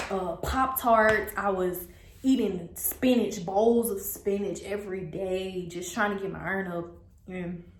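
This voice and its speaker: Young woman, casual storytime vlogger, lively quoted voices, echoey room. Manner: animated, quotes others with pitch jumps.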